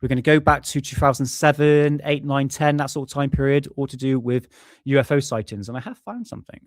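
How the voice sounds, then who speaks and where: A man's voice: medium pitch, fairly quick, no echo, studio quality. Chatty, swearing British man host. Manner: chatty, swears often, laughs at himself. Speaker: livestream host. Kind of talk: casual live-stream chat. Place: home room.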